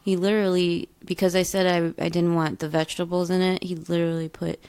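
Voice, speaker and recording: Low, gravelly-voiced woman telling a story. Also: brisk, dry recording. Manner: animated storytelling, swears freely, mimics others. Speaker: podcast co-host. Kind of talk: casual chat.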